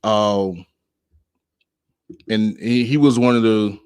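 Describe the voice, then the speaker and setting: A man's voice: lowish voice, steady tone, slow pace, a little mellow, smooth, dry recording, clean studio sound. Laid-back, slangy male podcast host. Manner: laid-back, rambling, slangy, with frequent filler phrases. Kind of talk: casual podcast monologue.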